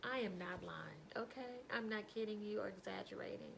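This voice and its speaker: A woman telling a personal story to camera, animated, breaking into laughter and hushed asides. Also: mid-range voice, a little fast, creaky, background noise. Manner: animated, breaks into helpless laughter, drops to whispers.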